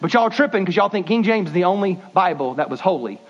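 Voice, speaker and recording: A man preaching a sermon, animated and folksy, shifting his pace suddenly. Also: high-pitched, fast talker. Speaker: pastor. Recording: dull lo-fi sound.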